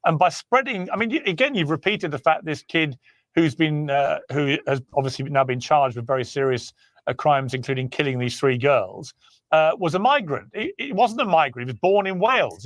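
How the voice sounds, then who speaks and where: A man's voice: on the high side, expressive, moderate pace, no room sound, studio quality. A man interviewing a guest on TV, firmly correcting him. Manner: firm, correcting. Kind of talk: confrontational TV interview.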